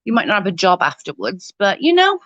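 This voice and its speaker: A middle-aged woman chats casually to her viewers, telling funny family stories. She laughs easily and swears freely. Her voice sits at an ordinary pitch, and the recording is dry with little room sound. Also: wildly swooping pitch, a little fast, a bit bright, no room sound, dull audio. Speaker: livestream host. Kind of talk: casual storytelling chat.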